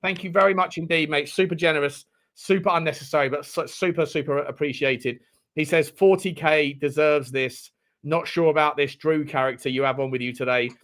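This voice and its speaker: A man's voice: fairly high pitch, steady tone, fairly quick, a bit bright, low-quality recording. A man hosting a live football watchalong, effusively thanking viewers again and again. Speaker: livestream host. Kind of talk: casual live watchalong chat.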